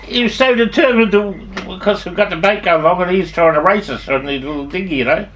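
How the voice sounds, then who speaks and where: An older man with an Australian accent and a fairly high voice tells rambling stories from his life. He swears freely, restarts his sentences mid-thought and chuckles at his own anecdotes. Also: fast talker, fairly bright tone, a little hiss or hum. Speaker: storyteller.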